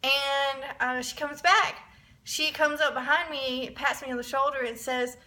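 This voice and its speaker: Bright, high-voiced young woman vlogger. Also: measured pace. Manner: excitable, rambling storyteller with many restarts. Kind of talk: casual storytime vlog.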